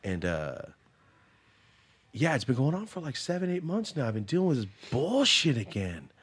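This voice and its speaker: A man's voice: mid-range voice, wildly swooping pitch, moderate pace, a bit bright, slightly rough. A man in his thirties telling a personal story in a casual chat, blunt and full of swearing. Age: 30s. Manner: profane, blunt, emotional storytelling. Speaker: podcast host.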